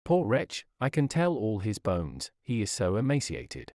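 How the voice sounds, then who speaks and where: A man's voice: lowish voice, huge pitch swings, unhurried, darkish tone, no echo, clean studio sound. A man reading a sermon aloud, voicing an old father who speaks with tender pity about his ruined son. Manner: tender, pitying exclamations.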